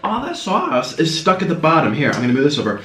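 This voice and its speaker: Talking fast with wildly swooping pitch, a man with a slightly high, fairly bright voice chats through a casual mukbang on camera. Between bites he coos at his pet; the room echoes and carries faint noise.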